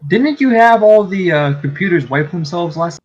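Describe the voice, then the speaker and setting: A man playing in a tabletop game, chatting quickly with wisecracks. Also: high voice, lively intonation, a little hiss or hum. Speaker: player. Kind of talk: casual game chat. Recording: dull lo-fi mic.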